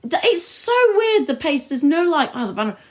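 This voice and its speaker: A woman co-hosting a chat podcast, reviewing a TV episode and acting out scenes in quick put-on voices. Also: high voice, very animated. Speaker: podcast co-host. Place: recorded together in the same room.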